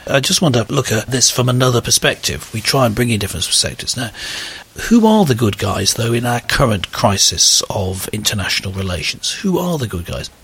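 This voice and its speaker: A man's voice: medium pitch, very animated, fairly quick, fairly bright tone, breathy edge. A man hosting a talk show, discussing earnestly and posing questions to his co-host.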